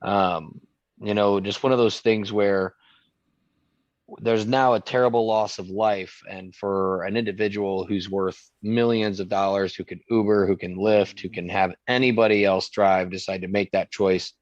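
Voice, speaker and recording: A man's voice: on the low side, steady tone, measured pace, no echo, dull audio. A young man co-hosting a podcast, chatting casually and rambling through stories with many restarts. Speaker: podcast co-host. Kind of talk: casual chat.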